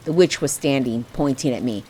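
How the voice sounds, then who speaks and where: A woman narrating a first-person fantasy audiobook in a steady, emotive storytelling manner. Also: rumbling low, a little fast, slightly rough.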